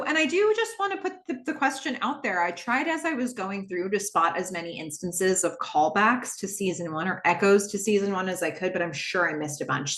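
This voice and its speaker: A woman's voice: mid-range voice, reverberant. A woman hosting a podcast, casually recapping a TV episode, acting out the characters' lines and laughing often. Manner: retells scenes, acting out lines in shifting voices; laughs often, lively and amused. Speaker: podcast host.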